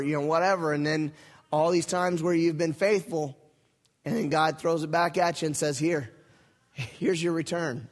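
A middle-aged man preaching a sermon as pastor, folksy and lively, with asides and repeated phrases. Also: fairly high pitch, big-room sound. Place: church sanctuary.

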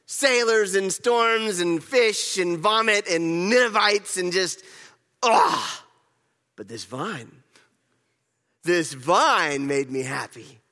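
A man's voice: a little high, big pitch swings, extremely slow, creaky, pauses often, sharp tone, big-room sound, full character voice. A man playing Jonah as an angry, sulking prophet, telling his grievances in the first person in a sermon monologue. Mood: exasperated. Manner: petulant, exasperated storytelling in first person.

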